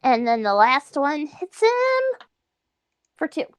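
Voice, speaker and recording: A woman playing a tabletop game, soft-spoken and hesitant, sometimes dropping into a whisper as her character. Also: high voice, big pitch swings, slow, no room sound, lo-fi sound. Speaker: player. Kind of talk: tabletop game role-play.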